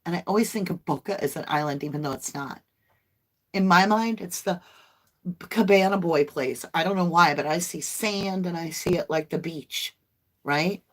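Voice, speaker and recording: A woman's voice: lowish voice, normal speed. A woman, hosting a casual livestream tarot reading in a chatty, folksy way and addressing viewers as y'all. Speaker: tarot reader livestream host.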